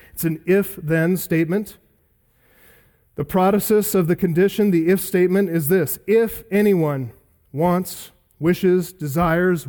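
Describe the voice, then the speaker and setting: A male pastor preaching an expository sermon, emphatic, building through repeated lists and slowing down on key words. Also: sits high, mellow.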